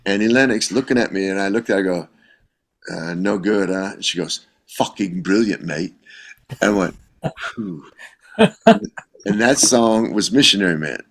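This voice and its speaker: Man, gravelly low voice, casual storytelling, acts out quotes. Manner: animated anecdote-telling with laughs and quoted voices. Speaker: guest musician.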